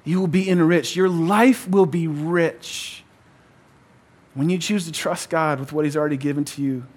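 A man with a fairly high voice preaches to a congregation in a relaxed, conversational way. He leans hard on repeated phrases and pauses to have the people shout the words back to him. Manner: emphatic, repeats key phrases, calls for audience response; conversational, uses "like" and "kinda". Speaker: pastor. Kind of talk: sermon.

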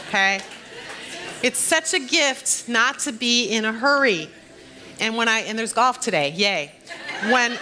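A middle-aged woman pastor giving a sermon and a closing prayer, personal and gently encouraging. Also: mid-range voice.

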